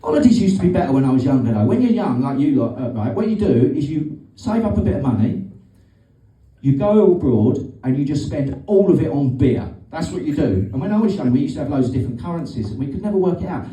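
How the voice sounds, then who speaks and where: This middle-aged British comic works a club stage with a sweary, sardonic, rambling set, recorded distantly with a roomy sound. He talks fast in an expressive, mellow, mid-range voice.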